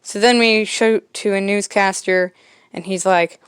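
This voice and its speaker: A woman's voice: medium pitch, steady tone, measured pace, clean tone, dry recording, studio quality. A woman podcast host casually retelling a homemade comic, rambling with lots of fillers. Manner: rambling, filler-heavy, quietly amused.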